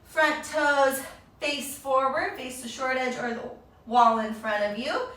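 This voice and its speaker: Upbeat high-voiced woman in an echoey room. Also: steady tone, takes it slowly, fairly bright tone, far from the mic. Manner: upbeat, encouraging, talks to kids as friends. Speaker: kids yoga instructor. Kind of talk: guided yoga for children.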